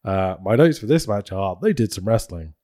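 A man's voice: on the low side, animated, moderate pace, mellow. A man co-hosting a podcast, recapping a show in casual chat, laughing and swearing often. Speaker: podcast co-host.

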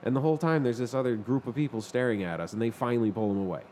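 Buffalo guy telling a wild bar story, swears a lot, laughs through it, voice sits mid pitch. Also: very fast, slight background noise. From Buffalo, New York. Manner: animated, profane, chuckles while telling. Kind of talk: casual storytelling chat.

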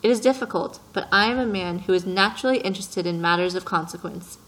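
A woman's voice: mid-range voice, quick pace, a bit bright, natural voice, rough recording. A woman reading as a pompous, peevish businessman. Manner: self-important, fussy and precise. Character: pompous middle-aged male businessman, peevish. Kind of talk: audiobook reading.

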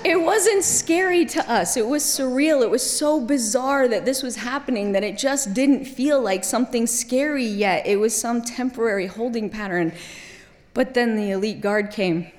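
A middle-aged woman from Kuwait telling a personal story on stage, wry and lively, laughing at herself, then quiet and grave. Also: fairly high pitch, normal speed. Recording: long hall reverb.

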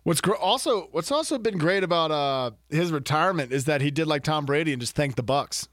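A man co-hosting a casual sports podcast, cracking wry, deadpan jokes. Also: on the high side, a little fast, no room sound, clean studio sound.

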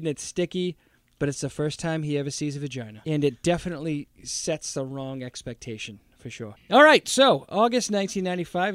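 Male podcast co-host, high voice, dry close sound, profane joking storyteller. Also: no room sound. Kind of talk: casual podcast chat.

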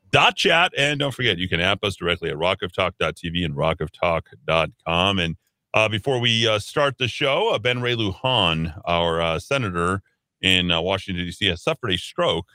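A man's voice: low voice, sing-song, moderate pace, bright, forceful tone, no echo. A man hosting a casual radio talk show, loose and chatty with many filler sounds, on a studio mic. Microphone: studio broadcast mic.

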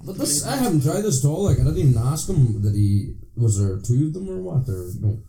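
Sweary rambling man, lively voice. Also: a little high, fairly quick. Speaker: podcast co-host. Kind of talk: casual storytelling chat. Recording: echoey room with clear background noise.

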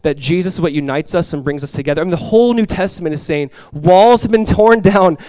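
A man preaching a sermon as pastor, conversational and lively, telling stories and acting out quoted voices. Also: sits high, quick pace, no room sound.

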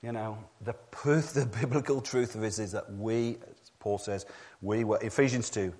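A man preaching a sermon to a church congregation, dropping to hushed low passages and rising to loud emphatic peaks, often repeating key phrases. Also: steady tone, normal speed. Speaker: pastor.

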